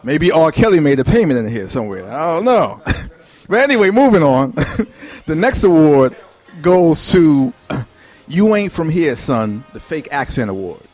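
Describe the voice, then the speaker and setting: A man's voice: fairly high pitch, big pitch swings, normal speed, a little mellow, faint music behind. A man hosting a radio show and presenting awards, arguing with sarcastic remarks. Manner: sarcastic, argumentative. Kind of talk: casual radio banter.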